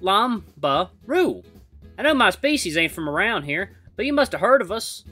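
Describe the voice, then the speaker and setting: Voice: medium pitch, big pitch swings, fairly quick, husky, soft background music, pitched above the performer's own voice, heavily acted. A game streamer reading aloud and voicing a friendly, curious male kangaroo-like creature in a visual novel, with a put-on Southern twang. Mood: cheerful. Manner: bright, eager, chatty.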